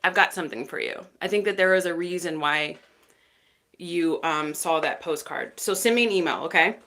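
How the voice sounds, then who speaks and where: A woman's voice: fairly low pitch, normal speed. A woman from Texas hosting a tarot livestream, chatting casually and thanking viewers by name as they join. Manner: chatty, warm thanks to each viewer by name, frequent fillers.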